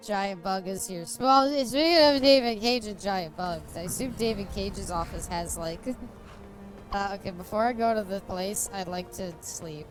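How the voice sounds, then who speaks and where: A woman's voice: mid-range voice, moderate pace, music in the background. Giggly woman rambling over gameplay. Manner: rambling, giggly, jokey storytelling. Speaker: streamer playing a game. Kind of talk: casual gameplay commentary.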